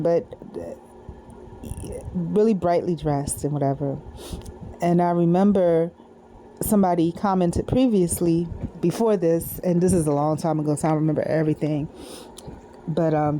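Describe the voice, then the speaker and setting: A middle-aged woman recording a personal video diary, musing softly and drifting from topic to topic with many fillers. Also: low voice, fairly even intonation, moderate pace, a little hiss or hum. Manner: digressive, soft-spoken, musing with many fillers. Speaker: vlogger.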